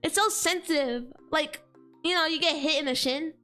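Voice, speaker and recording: A woman's voice: high-pitched, normal speed, sharp tone, soft background music. A woman streamer in casual chat, slangy and exclaiming, heavy on fillers like "like" and "dude".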